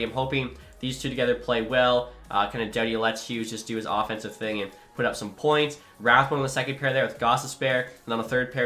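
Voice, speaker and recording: A man's voice: medium pitch, bright, forceful tone. A young man giving upbeat, chatty commentary over a hockey video game. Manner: upbeat, quick, chatty with filler. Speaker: gaming YouTuber.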